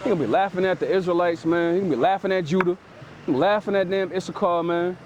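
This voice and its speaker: A man's voice: high-pitched, very fast, noisy background. A man preaching outdoors, explaining scripture in loose street slang and tagging phrases with "man". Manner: lively and emphatic, paraphrases scripture in street speech.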